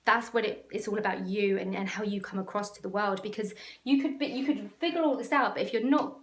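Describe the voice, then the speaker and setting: A woman's voice: medium pitch, brisk, echoey room. A woman business coach talking to camera in an emotional, passionate, rambling way. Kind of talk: casual talk to camera.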